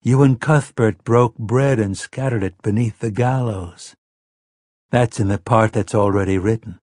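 A man's voice: lowish voice, unhurried, a little mellow, no echo, studio quality. A man doing a hypnotized man gone childlike. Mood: dazed. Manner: dazed, then small, trembling and childlike. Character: hypnotized grown man regressing into a frightened seven-year-old boy. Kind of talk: audiobook character voice.

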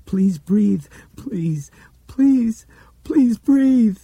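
A man's voice: high-pitched, expressive, very slow, gravelly, warm tone, breathy edge, dry recording, pitched above the performer's own voice, full character voice. A man voicing a grieving woman at a dying child's side, pleading and soothing by turns. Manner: soothing, then pleading and anguished.

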